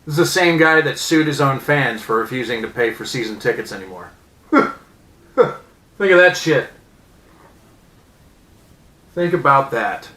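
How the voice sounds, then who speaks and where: A man in his thirties ranting angrily as a sports fan, profane and sarcastic, with loud outbursts. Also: mid-range voice, echoey room, rough recording. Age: 30s. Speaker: vlogger. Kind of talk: angry sports fan rant.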